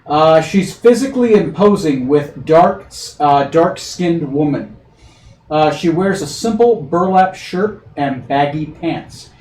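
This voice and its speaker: A man narrates a tabletop game slowly, with plenty of fillers and restarts as he reads descriptions. His voice sits a little high. The sound is roomy and distant, with a faint hiss underneath. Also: expressive, a little mellow. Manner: halting, many fillers, reading descriptions aloud. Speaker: game master. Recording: echoey room, far from mic, faint hiss.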